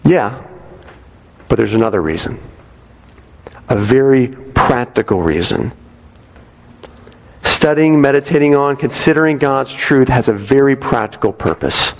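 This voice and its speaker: Gravelly preacher in a reverberant church. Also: male voice, mid-range voice, expressive, measured pace, long pauses. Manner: conversational, asks the congregation "right?". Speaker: pastor. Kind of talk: sermon. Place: church sanctuary. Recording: long reverb of a large hall.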